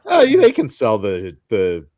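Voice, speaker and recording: A man's voice: fairly low pitch, wildly swooping pitch, measured pace, darkish tone, dry recording. A male co-host who makes dry joking asides.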